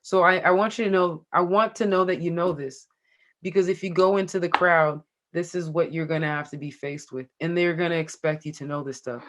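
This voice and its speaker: A woman's voice: on the low side, fairly even intonation, brisk, a bit bright. A woman teaching a law class in a casual, joking way, talking straight to her students. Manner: joking, chatty, addresses the class directly. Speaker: law course instructor.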